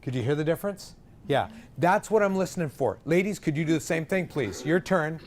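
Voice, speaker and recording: Man directing a choir, slightly high voice, unhurried, singers and music behind him. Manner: energetic, demonstrative, counts in and sings examples. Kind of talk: choir rehearsal coaching. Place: rehearsal room.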